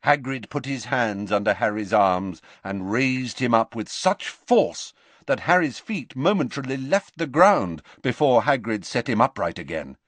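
A man reading a novel aloud as an audiobook narrator, in an expressive, measured style. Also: on the low side, dry recording. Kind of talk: scripted narration.

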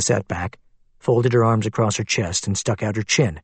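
A man narrating a thriller audiobook in a steady, even storytelling manner. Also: lowish voice, moderate pace, husky, no room sound.

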